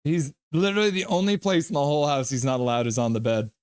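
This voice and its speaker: A man's voice: fairly high pitch, steady tone, a little mellow, clear, resonant tone, no room sound. A middle-aged man hosting a live stream, reading viewer comments aloud in a playful way and calling hockey play-by-play. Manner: breaks into quick play-by-play commentary. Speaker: livestream host reacting to a hockey game.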